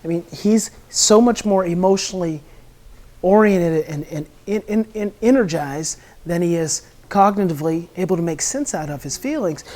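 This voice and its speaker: Earnest woman explaining child emotions. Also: on the low side. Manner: animated, acts out a child's angry outbursts and a parent's soothing words; earnest, repeats words and restarts often. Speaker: parenting expert guest. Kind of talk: explanatory interview talk.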